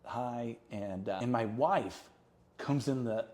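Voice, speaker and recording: A middle-aged man, a real estate agent on a podcast, telling lively stories and acting out the people in them. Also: medium pitch, slow pace. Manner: lively, acts out quotes in his stories. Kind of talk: animated storytelling in an interview.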